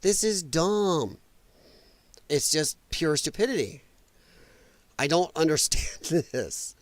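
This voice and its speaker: Speaking slowly in a fairly high, expressive voice with no echo, a man hosts a live political commentary show. He rants alone, exasperated, mocking and profane.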